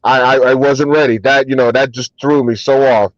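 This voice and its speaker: A man, a hip hop artist and DJ, telling relaxed anecdotes as an interview guest, with many ums and restarts. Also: mid-range voice, normal speed, no room sound, dull audio. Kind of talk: casual storytelling interview.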